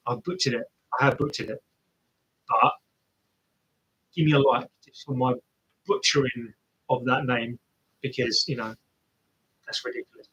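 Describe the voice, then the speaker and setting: Man, casual live race commentary, unhurried delivery, chatty and self-deprecating, mid-pitched. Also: fairly even intonation, a bit bright, a little hiss or hum. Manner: chatty, self-mocking, cheers runners on. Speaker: live race watch-along streamer.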